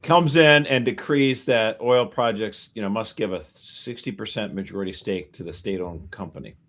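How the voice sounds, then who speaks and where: A man co-hosting a podcast, casually walking through news facts with animated asides. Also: lowish voice, moderate pace. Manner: animated explainer, piling up figures and asides. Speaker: podcast co-host.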